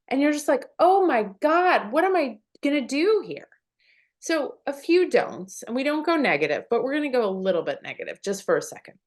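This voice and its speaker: A woman, a puberty educator, giving parenting advice in an animated, conversational way. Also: on the high side. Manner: animated, acts out everyday scenes. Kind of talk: parenting talk.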